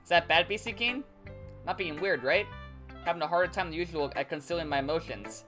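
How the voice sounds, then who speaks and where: A man's voice: a little high, brisk, over music, lightly acted. A man reading as a shy, flustered bookish girl. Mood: nervous. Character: shy, bookish young woman, flustered and obsessive. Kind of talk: reading game dialogue aloud.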